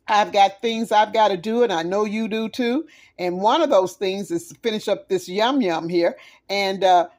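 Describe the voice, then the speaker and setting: A woman with a Southern US accent, hosting a casual cooking vlog, gushing and exclamatory as she tastes food on a phone camera and chats with viewers. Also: mid-range voice. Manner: talks while eating. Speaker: home cook, channel host.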